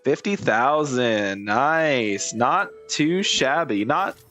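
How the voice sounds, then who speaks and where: Throat-clearing man, casual game commentary. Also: mid-range voice, animated, extremely slow, bright, forceful tone, soft background music. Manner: frequent throat clearing, joking, profane. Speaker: gaming streamer.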